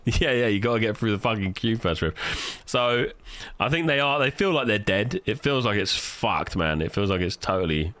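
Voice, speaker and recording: A British man streaming live, chatting casually and telling stories in a profane, animated way. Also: on the low side, moderate pace, no echo. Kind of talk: casual livestream chat.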